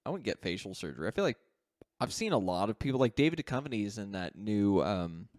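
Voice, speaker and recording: A man with a fairly low voice chats loosely on a podcast, laughing between sentences and cursing freely. When he retells a scene he jumps way up into quoted voices. The sound is dry and close. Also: big pitch swings, fast talker, darkish tone, no echo. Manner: laughs often, acts out quotes with sudden high voice jumps, swears freely. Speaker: podcast co-host. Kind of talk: casual chat.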